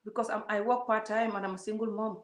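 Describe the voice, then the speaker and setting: A woman's voice: medium pitch, flat delivery, fast. A woman giving an emphatic, preachy vlog monologue, full of repeated words and rhetorical questions. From Gambia. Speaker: vlogger. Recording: roomy echo.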